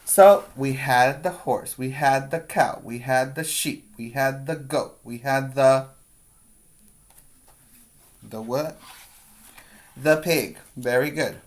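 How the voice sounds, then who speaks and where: A man reads a picture book aloud to preschoolers at an unhurried, deliberate pace. He is a patient teacher who pauses to point out the pictures and quiz the little ones. His voice sits in an ordinary middle pitch. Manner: slow, patient, pointing out pictures and asking children questions. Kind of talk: reading a picture book aloud to young children.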